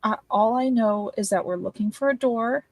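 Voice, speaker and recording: A woman's voice: a little high, normal speed, darkish tone, no echo. A woman playing in a tabletop game, chatting casually and hesitantly. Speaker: player. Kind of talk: casual chat.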